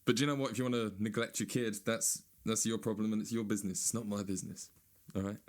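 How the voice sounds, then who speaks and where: A man doing a sweary, sarcastic stand-up rant, now and then mocking people in a high whiny voice. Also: fairly even intonation, fast talker. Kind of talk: ranting stand-up monologue.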